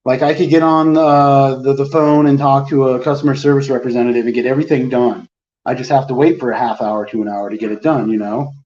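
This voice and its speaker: Guy ranting about his phone plan, soft dark voice, far off in an echoey room. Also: medium pitch, fairly even intonation, fairly quick. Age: adult, with a phone plan since the early 2000s. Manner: rambling, exasperated, quotes people in his story. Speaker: storyteller in a casual conversation. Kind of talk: casual chat. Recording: roomy, distant, dull lo-fi sound.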